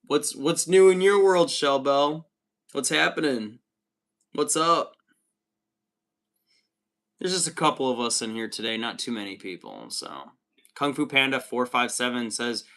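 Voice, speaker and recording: A man's voice: medium pitch, lively intonation, a little slow, pauses often, fairly bright tone. An American man hosting a casual livestream, reading chat messages aloud in an upbeat way. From United States. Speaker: livestream host.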